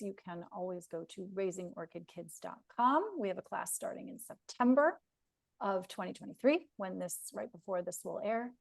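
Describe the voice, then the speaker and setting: Woman host w/ a gravelly creaky voice, dry close sound, encouraging. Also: medium pitch, dry recording. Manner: encouraging, affirming. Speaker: podcast host. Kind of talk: conversational interview, hosting.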